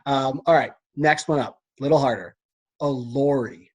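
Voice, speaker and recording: A man's voice: medium pitch, normal speed, a little mellow. Chatty laid-back American man. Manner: laid-back, chatty, quizzing his friend. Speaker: podcast co-host. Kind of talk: casual chat.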